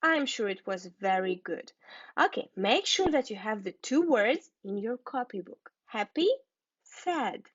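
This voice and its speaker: A woman teaching an English lesson, spelling out and repeating words slowly and carefully for learners. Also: fairly high pitch, animated, dry recording, highs cut off.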